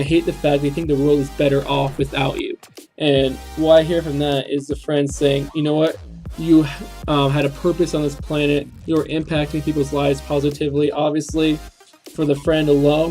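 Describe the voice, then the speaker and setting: A young man talks through song lyrics in an earnest, reflective way. His voice sits a little high and stays flat. Faint music plays behind him. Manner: earnest and reflective, with frequent ums and restarts. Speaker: reaction video host. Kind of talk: casual spoken commentary on song lyrics.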